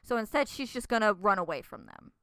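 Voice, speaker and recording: Podcast co-host, woman, smooth clear voice, thoughtful and wry. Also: medium pitch, wildly swooping pitch, brisk, bright, forceful tone, no room sound. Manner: thoughtful, analytical, dry jokes. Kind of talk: casual chat.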